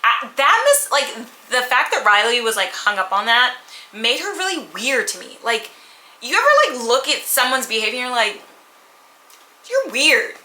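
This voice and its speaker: A woman casually reviewing books at home, candid and animated, sometimes acting out characters' lines. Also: fairly high pitch, moderate pace, reverberant, poor audio. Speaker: book vlogger. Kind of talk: casual chatty book review. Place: at home with a purring cat nearby.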